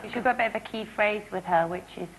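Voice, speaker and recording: A woman's voice: medium pitch, fast, very noisy. A Scottish woman doing playful comic impressions as a guest on a studio comedy show. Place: TV studio with live audience. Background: audience laughter.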